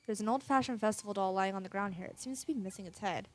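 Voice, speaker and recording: A woman's voice: mid-range voice, fast, soft background music. A woman casually commenting on a horror game she is playing, reading its text aloud and swearing now and then. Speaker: let's play gamer.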